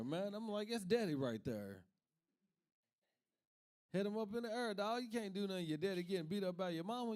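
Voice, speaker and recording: A comic from Kentucky works through a stand-up set built on family stories. He keeps a laid-back storytelling pace and often laughs at his own jokes, in a voice that sits slightly high for a man. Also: a little mellow. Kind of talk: stand-up comedy.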